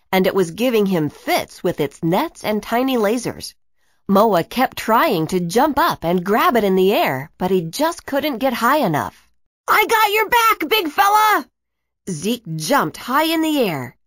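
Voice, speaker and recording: A woman reads a children's storybook aloud with expressive, animated delivery. Her pitch swoops and dances through the lines. The sound is dry and close. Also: no room sound. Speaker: narrator.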